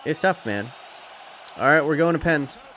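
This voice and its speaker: A man's voice: a little high, animated, normal speed, fairly bright tone, a little hiss or hum. A young man streaming, talking casually and rambling to his chat, often swearing. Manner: rambling, chatty, profane, laughs at chat.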